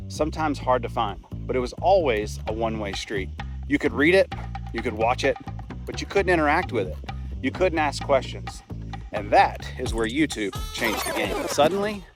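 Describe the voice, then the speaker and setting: A man narrating a scripted video essay in a plain, conversational way, with an occasional aside. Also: mid-range voice. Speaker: channel host.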